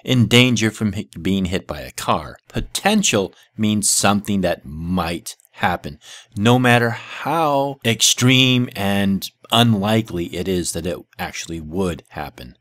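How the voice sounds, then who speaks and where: A man's voice: lowish voice, lively intonation, a little slow, a bit bright, no room sound. A man giving sarcastic, exasperated reaction commentary, debunking a video he plays.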